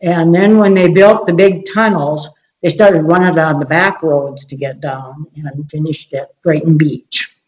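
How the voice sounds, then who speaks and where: A woman's voice: sits low, steady tone, unhurried, lo-fi sound. An older woman, a guest telling stories in a casual interview and laughing often. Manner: chatty storyteller, laughs often. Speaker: guest, race organizer.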